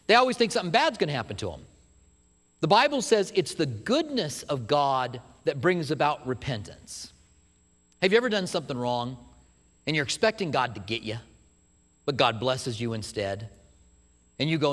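A man preaching a sermon, retelling a story with animated asides and acting out what people say. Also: fairly high pitch, a little fast, in a large hall. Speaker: pastor.

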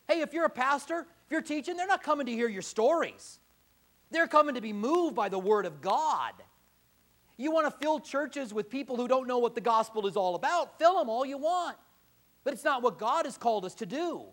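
Impassioned high-voiced man preaching. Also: expressive, moderate pace, a bit bright. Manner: impassioned, rising to emphatic exhortation. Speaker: pastor. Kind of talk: sermon.

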